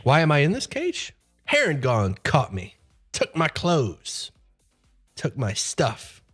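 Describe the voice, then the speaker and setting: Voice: mid-range voice, huge pitch swings, takes it slowly, a bit bright, husky, soft background music, exaggerated voice. A game master voicing an optimistic, cheerful male satyr in a tabletop game, breezy and self-assured. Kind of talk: tabletop role-play voicing.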